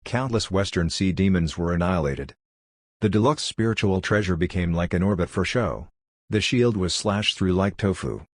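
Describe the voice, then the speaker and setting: A man reading a fantasy audiobook as narrator in a steady, even storytelling delivery. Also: sits low, moderate pace, no room sound, clean studio sound. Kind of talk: scripted narration.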